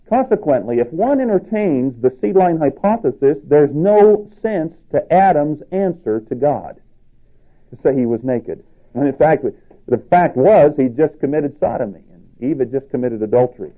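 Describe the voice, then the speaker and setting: Emphatic preacher on a tinny line. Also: male voice, lively intonation, moderate pace. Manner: emphatic, rises in pitch to stress points. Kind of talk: sermon. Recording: tinny phone-like sound.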